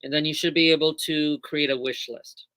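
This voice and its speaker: Speaking at a normal speed with fairly even intonation, this woman has a deep, slightly bright voice captured in a dry recording. She's the host of a small shop's livestream, giving a casual, chatty product walkthrough peppered with ums and corrections of herself.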